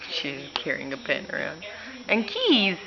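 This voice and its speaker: A woman's voice: deep voice, wildly swooping pitch, unhurried, gravelly, lo-fi sound, crowd noise. A woman talking to her toddler at home in playful, coaxing baby talk, with frequent laughs. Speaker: mother.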